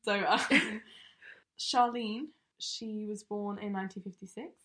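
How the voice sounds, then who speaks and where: A woman co-hosts a true-crime podcast and walks through the case in casual, rambling chat. Her voice sits at an ordinary middle pitch, and she fills her talk with little fillers as she goes. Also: fairly even intonation, unhurried, a bit bright. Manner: chatty, many fillers like um and you know. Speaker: podcast co-host presenting the case.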